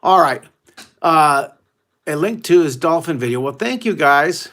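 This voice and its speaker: A man's voice: a little high, animated, a little slow, fairly bright tone. Exuberant American man teaching drawing. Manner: exuberant, exclamatory storyteller who whoops often. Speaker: art teacher hosting a live drawing class. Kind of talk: live online drawing lesson for kids.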